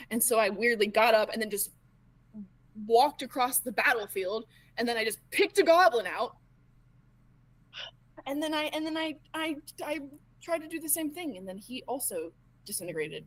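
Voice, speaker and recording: A woman's voice: a little high, rough recording. Stammering woman role-playing in character. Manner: halting, stammering, lots of fillers and restarts. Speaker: tabletop role-playing player. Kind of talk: in-character role-play recounting events.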